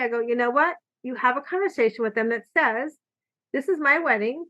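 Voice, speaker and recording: Chatty woman host, bright dull audio. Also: high-pitched, fairly quick. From California. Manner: chatty storyteller, acts out quoted lines. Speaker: podcast host. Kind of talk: casual conversation.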